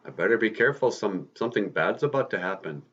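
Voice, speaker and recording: A man voicing an eager, hot-tempered young male superhero, talking excitedly in a raised voice. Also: on the low side, fast, husky, dull audio.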